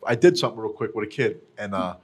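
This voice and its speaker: A man's voice: lowish voice, animated, fast talker, slightly rough. A man hosting a casual podcast interview, enthusiastic and profane, encouraging his guest. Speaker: host.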